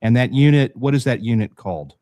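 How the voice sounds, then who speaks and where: A man's voice: mid-range voice, warm tone, no room sound. A veteran officer in his fifties hosts the conversation, firing off questions in a rush and restarting them as he goes. The sound is dry and close, with no room around it. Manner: quick, halting questions with repeated restarts. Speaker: podcast host, police officer. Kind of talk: casual interview.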